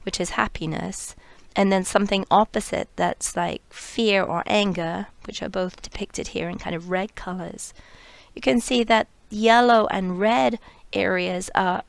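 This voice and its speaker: A woman's voice: mid-range voice, fairly even intonation, a little slow, creaky, no echo. A woman narrating a lecture over slides, explaining step by step with fillers and restarts, sometimes trailing off to a near whisper.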